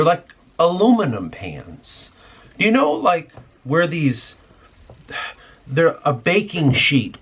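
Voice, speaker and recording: A man's voice: fairly low pitch, slightly rough. A man hosting a podcast, delivering a rambling, irritated, profane rant in casual talk. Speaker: podcast host.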